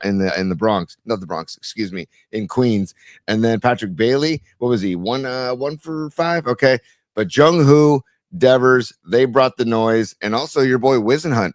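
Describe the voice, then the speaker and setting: A man from San Francisco co-hosting a casual sports podcast, relaxed, reading viewer messages and stat lines. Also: mid-range voice, no echo, studio quality. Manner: laid-back, reads chat messages and stat lines. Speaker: podcast co-host.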